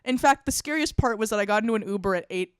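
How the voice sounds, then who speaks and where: A woman co-hosting a podcast, telling a story in a casual chat, lively and laughing as she acts out quotes. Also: medium pitch, quick pace, clear, resonant tone, dry recording, clean studio sound. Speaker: podcast co-host.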